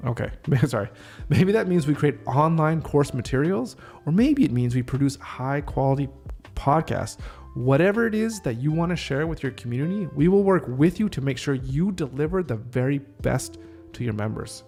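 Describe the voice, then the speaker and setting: A man's voice: on the high side, animated, moderate pace, creaky, a little mellow, faint music behind. A man hosting a podcast, reading draft lines of a script aloud, stopping often to rethink and reword them. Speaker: podcast host. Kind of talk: casual solo script rehearsal.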